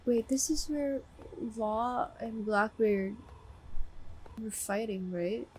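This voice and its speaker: A woman hosting an anime reaction video, exclaiming and shouting emotionally as she watches. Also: on the high side, slow pace, slight background noise. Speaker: anime reaction channel host. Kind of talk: live reaction to an anime episode.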